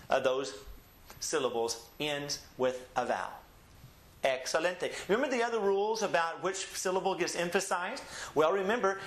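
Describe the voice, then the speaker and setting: Male teacher, slightly high voice, patient and methodical, roomy echo. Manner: patient, explains step by step, repeats words slowly. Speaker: Spanish teacher. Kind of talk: recorded language lesson.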